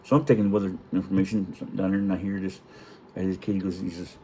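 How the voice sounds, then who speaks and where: A middle-aged man, a retired Navy chief, telling profane, chuckling stories in a casual vlog and clearing his throat now and then. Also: deep voice, flat delivery, quick pace, mellow, slight background noise. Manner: profane, chuckling, rambling anecdotes.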